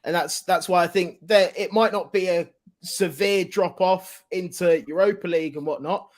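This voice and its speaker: A man with a high voice talks casually on a football podcast panel. He hedges his opinions and often circles back to restart his sentences. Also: steady tone, normal speed. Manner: hedging, with repeated restarts. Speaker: podcast panelist, club fan. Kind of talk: casual chat.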